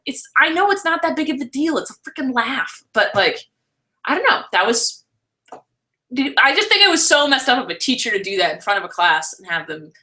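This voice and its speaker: A young woman vlogger chatting and ranting on a live stream, animated and laughing often. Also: high-pitched.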